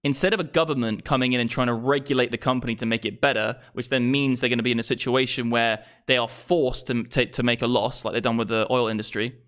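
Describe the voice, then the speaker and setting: A young crypto streamer speaks fast, with hardly any pauses, in a steady, clean, fairly bright voice of medium pitch. Swearing freely, he works himself up in a political rant into his streaming microphone.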